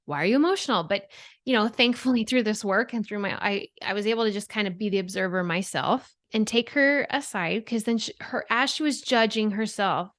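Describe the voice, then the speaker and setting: A woman's voice: medium pitch, moderate pace, fairly bright tone, no echo, clean studio sound. A woman in her thirties, a guest expert on a podcast, explaining in an earnest way and often checking in with "right?". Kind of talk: podcast interview.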